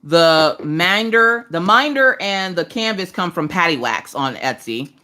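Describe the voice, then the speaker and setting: Woman, 30s, crafting livestream host, self-deprecating jokes, bright tone. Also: lively intonation, measured pace. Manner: joking, self-deprecating, jumps into high squeaky voices to greet viewers. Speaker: livestream host doing diamond painting. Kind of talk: casual live-stream chat.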